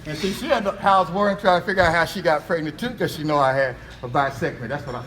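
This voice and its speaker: High-voiced American man joking to a crowd. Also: fast talker, a bit bright. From United States. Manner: joking, laughs often. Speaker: motivational speaker. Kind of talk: humorous storytelling speech. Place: event hall with a live audience. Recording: echoey hall, noisy.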